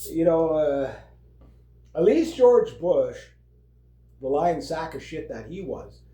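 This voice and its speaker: On his vlog, a man from Canada goes on a casual political rant, meandering, cursing, packing in fillers, and laughing frequently. He takes it slowly with a warm, fairly high, sing-song voice, and the space has a roomy echo.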